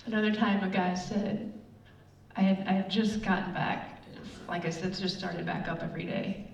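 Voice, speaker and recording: At normal speed and in a creaky, mid-range voice, a middle-aged woman delivers a casual church sermon. Her storytelling is lively and chatty, peppered with fillers as she recounts personal experiences. The audio has a roomy, distant, dull feel with faint room noise.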